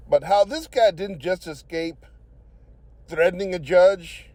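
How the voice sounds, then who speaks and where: A man's voice: high-pitched, animated, unhurried, a little mellow, no echo. A man hosting commentary, joking in a folksy mock-cowboy drawl. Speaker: show host commentator. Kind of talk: joking commentary over clips. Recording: light guitar music underneath. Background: guitar music.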